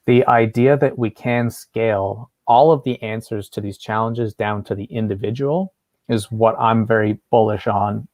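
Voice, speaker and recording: A man's voice: on the low side, darkish tone, dry recording. A man speaking as a guest in an interview, earnest and thoughtful, telling stories to make his points. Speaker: guest educator. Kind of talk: casual conversational interview.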